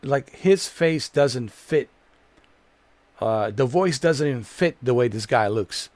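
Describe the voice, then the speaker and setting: A man's voice: mid-range voice, lively intonation, takes it slowly, a little mellow, no room sound. A man giving a gameplay commentary rant, exasperated and profane, repeating his complaints over and over. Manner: exasperated, profane, repetitive ranting. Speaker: gamer streamer.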